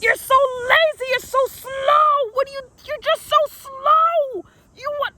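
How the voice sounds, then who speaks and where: A woman's voice: very high-pitched, very animated, takes it slowly, raised voice, slight background noise, voice pushed up, heavily acted. A woman imitating a furious female gymnastics coach who screams short orders and insults. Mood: shrieking.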